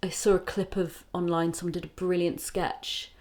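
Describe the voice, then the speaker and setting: A woman comedian chatting on a podcast, telling rambling, animated stories with swearing and acted-out quotes. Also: lowish voice, moderate pace. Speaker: comedian guest. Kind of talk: casual podcast chat.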